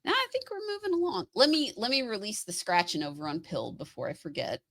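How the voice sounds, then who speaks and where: A chatty woman with a lilt and a bright, forceful voice, close and dry on the mic. She tells stories with lots of energy and laughs easily as she co-hosts a live stream. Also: mid-range voice, quick pace, no room sound. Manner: chatty, laughs often, animated storytelling. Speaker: co-host of a live stream show. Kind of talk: casual chat.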